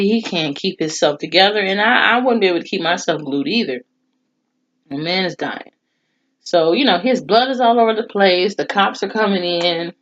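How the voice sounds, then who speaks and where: Lady reviewer going over a tv episode, kinda low voice, swears a lot, dull lo-fi sound. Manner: blunt, expressive, swears freely. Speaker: TV show reviewer. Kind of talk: casual episode recap. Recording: dull lo-fi recording.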